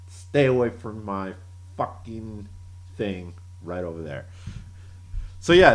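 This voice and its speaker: A man co-hosting a casual podcast, reading out tweets with laughter and crude jokes. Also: medium pitch. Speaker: podcast co-host.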